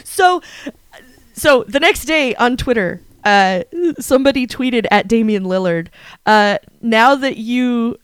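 A woman co-hosting a podcast, telling a story in a casual chat and acting out her own excited reactions. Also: on the high side, measured pace, smooth, dry recording. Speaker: podcast co-host.

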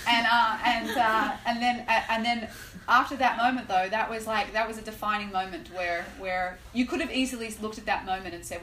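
A woman teaching a class on prayer, telling a personal story in an animated way with lots of "like" and "right?". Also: fairly high pitch, a little fast. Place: room with a live class. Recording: echoey room, faint noise.

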